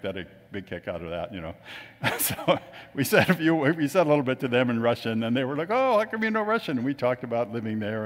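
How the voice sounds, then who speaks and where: A man telling chatty anecdotes to a gathering, acting out the voices of the people he quotes. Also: mid-range voice. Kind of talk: casual storytelling talk. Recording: long reverb of a hall.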